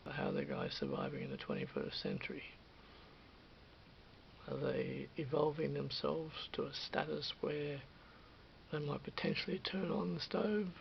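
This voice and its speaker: An Australian man in his fifties rambling through a late-night vlog, full of restarts and repeats. His voice is gravelly, slightly high, and swings widely in pitch. The recording is dull and lo-fi with a faint hiss. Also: big pitch swings, a little slow. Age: 50s. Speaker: vlogger. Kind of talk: rambling monologue.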